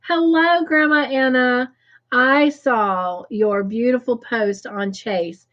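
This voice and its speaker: Slow, gushing livestream hostess. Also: female voice, fairly high pitch, muffled recording. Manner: effusive, gushing greetings with excited squeals. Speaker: livestream host. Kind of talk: chatty livestream, reading viewer comments aloud.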